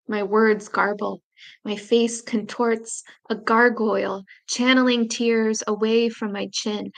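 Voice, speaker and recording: Brief: woman poet, slightly high voice, slow deliberate reading of her own verse, long pauses, intimate and grave. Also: level tone, vocal fry, a bit bright.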